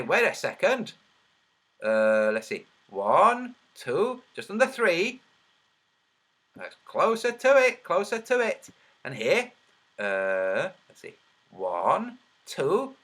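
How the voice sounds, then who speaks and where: A man with a high, bright voice and a trembly edge gives a slow, argumentative commentary over his screen. He counts out loud, and his pitch jumps around a great deal. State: slightly trembly voice. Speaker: online video creator.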